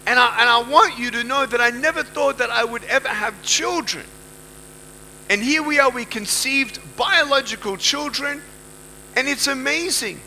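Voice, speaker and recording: A man's voice: very high-pitched, normal speed, sharp tone, a little hiss or hum, rough recording. A man giving a motivational speech to a live audience, emphatic, repeating key phrases and putting questions to the listeners. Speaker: motivational speaker.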